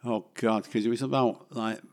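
A man's voice: mid-range voice, steady tone, moderate pace, darkish tone. Chatty older Mancunian man. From England. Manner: rambling, chatty, self-deprecating. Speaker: guest actor. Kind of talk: casual interview chat.

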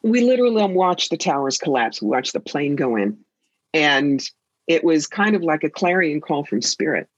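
A husky, breathy-voiced woman talking as a guest psychic, sassy and theatrical as she tells her stories. The sound is dry and a bit muffled, like a lo-fi recording. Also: sits low, very animated, normal speed, dry recording. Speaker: psychic and author. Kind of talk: interview conversation.

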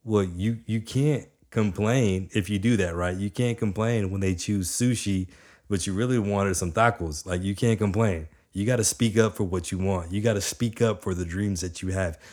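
A young man with a low, deep voice delivers a motivational talk straight to his listeners. He speaks with energy and a casual, chatty manner, hammering points home by repeating them. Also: normal speed. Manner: energetic, conversational, repeats for emphasis.

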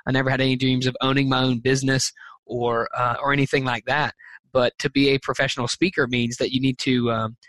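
A man's voice: medium pitch, flat delivery, a little fast, fairly bright tone, no room sound. A man being interviewed as a teacher and speaker, answering earnestly and thoughtfully, with frequent fillers and restarts.

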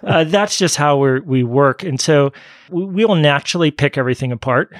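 A man's voice: on the high side, brisk, no room sound, studio quality. A man, a physician, talking thoughtfully on a podcast and chuckling now and then. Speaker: physician guest. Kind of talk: podcast conversation.

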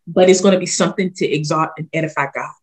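A woman voicing a solemn male prophet who speaks in slow, grave commands, with a husky voice. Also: on the high side, steady tone, pitched below the performer's own voice.

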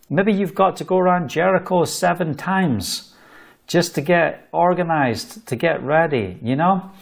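Scottish guy preaching, raised pitch, gravelly edge, fired up and joking around. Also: a little slow. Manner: fervent, exhorting, jokey asides. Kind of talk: sermon.

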